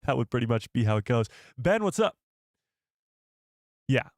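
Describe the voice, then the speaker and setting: A man's voice: mid-range voice, very animated, moderate pace, no echo. A man hosts a live stream in a loose, rambling chat. His voice sits mid-range and sounds dry and close to the mic. He often trips over his words and corrects himself. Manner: chatty, rambling, self-correcting. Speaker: host of a live show. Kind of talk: casual live-stream commentary.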